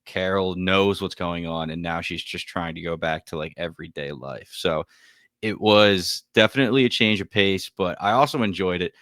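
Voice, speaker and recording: A man with a very low voice co-hosting a TV podcast. He rambles easily and fills his talk with "like" and "you know". The recording is dry. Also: moderate pace, no room sound. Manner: relaxed, rambling, many fillers. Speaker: podcast co-host. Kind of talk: casual podcast chat.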